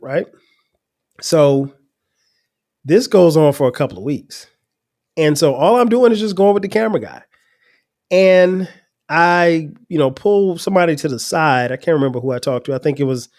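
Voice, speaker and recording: Man in his forties, podcast host, relaxed storyteller, slightly higher voice, chuckles now and then. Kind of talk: personal storytelling.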